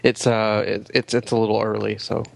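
A man chatting on a podcast in a halting, stop-start way. His low voice is gravelly with fry, recorded close and dry. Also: level tone, no echo. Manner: halting, stumbling restarts. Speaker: podcast co-host. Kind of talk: casual chat.

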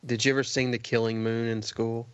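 A man with a mid-pitched voice chatting on a film podcast. He sounds amused and laughs easily. The recording is dry and close. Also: flat delivery, brisk, dry recording. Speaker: podcast co-host. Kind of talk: casual film podcast chat.

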